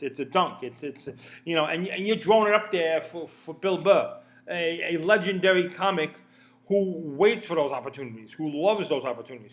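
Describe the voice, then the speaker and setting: A man's voice: fairly high pitch, a bit bright. A man giving a casual opinion rant, rambling and profane, often stammering and repeating words. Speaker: commentator.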